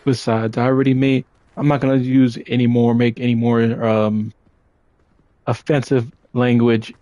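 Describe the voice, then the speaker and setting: A man's voice: mid-range voice, level tone, moderate pace, mellow, no echo, highs cut off. Rambling man with a New York accent. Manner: rambling, self-correcting, profane. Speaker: gaming streamer. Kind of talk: casual gameplay commentary.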